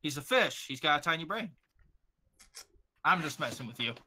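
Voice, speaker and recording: A man runs a tabletop game with animated narration, his pitch swinging widely. His voice is bright and forceful. He sits a little high for a man. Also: moderate pace, slightly rough. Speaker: game master.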